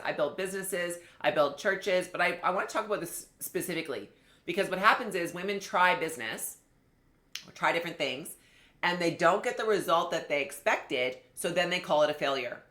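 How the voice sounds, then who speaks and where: A woman coaching a live online class, her voice low-pitched yet bright and forceful. She speaks in an animated, chatty way, talking straight to viewers. The sound carries a roomy echo. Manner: animated, conversational, addresses viewers directly. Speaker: business coach. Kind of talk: live online masterclass teaching.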